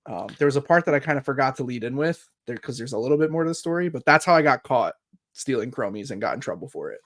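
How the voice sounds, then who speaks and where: A man in his thirties telling a story casually as a podcast co-host, animated and swearing freely, acting out the other people's lines. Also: medium pitch, fast.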